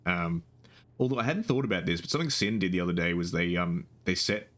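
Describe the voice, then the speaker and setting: Deep-voiced streamer rambling. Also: male voice, quick pace, fairly bright tone. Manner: rambling, swears casually, frequent restarts. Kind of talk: casual live-stream chat.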